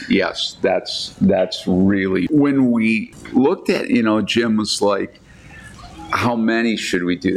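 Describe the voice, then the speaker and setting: A man, a golf course architect, telling lively anecdotes in casual chat, acting out the people he quotes. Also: low voice, vocal fry. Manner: animated anecdotes with quoted voices, frequent restarts.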